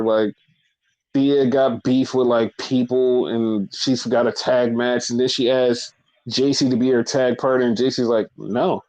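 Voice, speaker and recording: A man's voice: medium pitch, darkish tone, poor audio. A man hosting a podcast, recapping in a blunt, profane, rambling casual chat. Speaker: podcast host.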